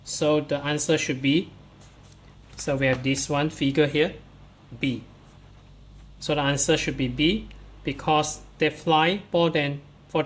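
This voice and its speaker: A male English teacher talks pupils through workbook answers one by one. He speaks slowly, with a slightly raised pitch, and keeps coming back to "so" as he reads the text aloud and points out where each answer is found. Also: a bit bright. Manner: slow, explains step by step, starts lines with "so".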